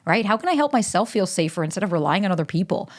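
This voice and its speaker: Animated woman podcast host, emphatic. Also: mid-range voice, rapid-fire. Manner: emphatic, animated, casual swearing. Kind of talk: solo podcast monologue with ad read.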